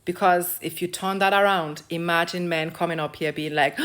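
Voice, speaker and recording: A woman's voice: lowish voice, fairly quick, hardly any pauses. A young African woman ranting in a blunt, profane vlog of social commentary, lecturing and repeating phrases for emphasis. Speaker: video creator.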